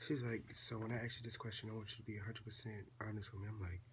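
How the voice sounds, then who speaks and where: A seventeen-year-old vlogger with a fairly low voice tells a casual storytime at home, talking quickly in a chatty, animated way and acting out the dialogue he quotes. The recording is very noisy.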